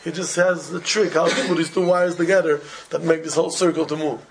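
A man teaching an informal religious class, telling animated everyday stories in simple, broken English with Hebrew and Yiddish terms mixed in. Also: on the high side, a little fast, creaky, slight background noise. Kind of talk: informal Torah talk with stories.

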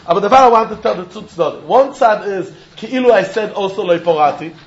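Man giving a lively Talmud lecture. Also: sits high, a little fast. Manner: mixes Yiddish and Hebrew terms into English; acts out both sides of a case in quoted voices. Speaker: Talmud teacher. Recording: dull lo-fi recording.

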